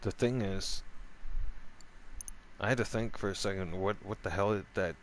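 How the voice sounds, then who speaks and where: Middle-aged guy ranting on his vlog, low voice, swears a lot, keeps restarting, faint hum behind. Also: measured pace. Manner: profane, rambling, restarts often; voice jumps up high when quoting himself. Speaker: gaming vlogger. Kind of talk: casual storytelling rant.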